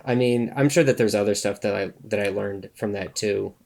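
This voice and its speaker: Male co-host, low-ish voice, halting and easygoing. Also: vocal fry, darkish tone. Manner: halting, hesitant, many fillers and restarts. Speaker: podcast co-host. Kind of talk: casual chat.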